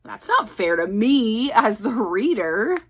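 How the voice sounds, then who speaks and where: A woman's voice: a little high, sing-song, slow. A woman talking casually in a book vlog, chatty and self-mocking as she rambles about her reading. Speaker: book vlogger.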